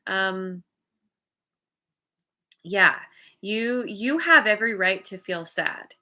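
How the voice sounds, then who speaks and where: A woman doing a casual spoken tarot reading, chatty and quick to laugh, often acting out people's reactions. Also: mid-range voice, animated, pushed and bright. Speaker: tarot reader.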